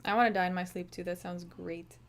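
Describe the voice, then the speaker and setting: A woman's voice: lowish voice, steady tone, a little fast. A woman hosting a livestream, chatting casually and rambling with swearing and lots of restarts. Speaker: livestream host.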